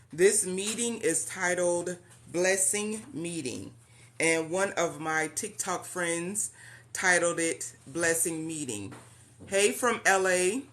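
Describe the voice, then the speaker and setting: A woman's voice: mid-range voice, a bit bright. A woman hosting a live-stream meeting, chatty and welcoming, greeting viewers by name and saying "y'all.". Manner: uses Southern-style "y'all".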